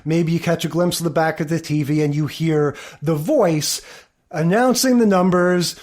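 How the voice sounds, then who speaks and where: A woman's voice: low-pitched, normal speed, a little mellow. A woman co-hosting a podcast in casual chat, laughing often and acting out quotes as she talks. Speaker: podcast co-host.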